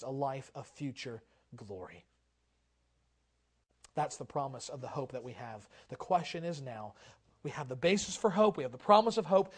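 A man preaching a sermon as pastor, impassioned, swinging from loud declarations to quiet, low passages. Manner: impassioned preaching with wide swings in loudness and pitch.

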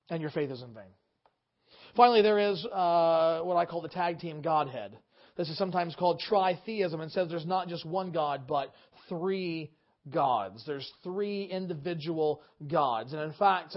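A man preaching a sermon as pastor, earnest and stopping often on fillers and restarts. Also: high voice. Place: church service. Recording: dull lo-fi sermon recording.

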